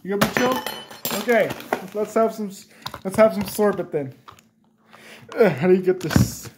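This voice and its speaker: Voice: mid-range voice, expressive, moderate pace, very noisy. A performer playing an exasperated father who keeps scolding his son in a rambling way.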